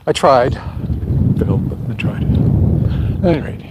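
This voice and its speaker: A man's voice: mid-range voice, lively intonation, moderate pace. A man chatting casually to the camera while out on a walk, rambling and poking fun at himself. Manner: rambling, chatty, self-deprecating. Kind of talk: casual walking vlog monologue. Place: outdoors on a walk through a neighborhood. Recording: clear outdoor background noise.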